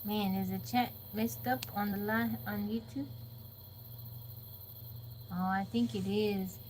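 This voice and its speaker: A woman takes it slowly in a medium-pitched voice as she hosts a casual livestream chat from an off-grid home. She tells stories with animation, acting out quotes and laughing often, over slight background noise.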